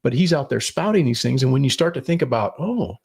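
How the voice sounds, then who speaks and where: A man's voice: mid-range voice, fast talker, vocal fry, darkish tone, breathy edge. A man co-hosting a podcast, giving blunt political opinions, swearing and rambling with restarts. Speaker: podcast co-host.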